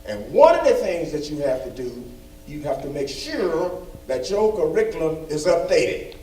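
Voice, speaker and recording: A man's voice: on the high side, sing-song, moderate pace, mellow. A man giving an emphatic, folksy report at a school board meeting, repeating phrases for stress. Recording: echoey room, far from mic.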